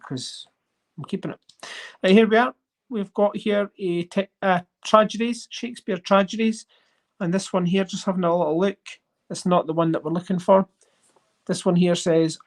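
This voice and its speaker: A host chatting casually on a livestream while sorting coins, rambling and getting excited over finds. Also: mid-range voice. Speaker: coin collecting channel host.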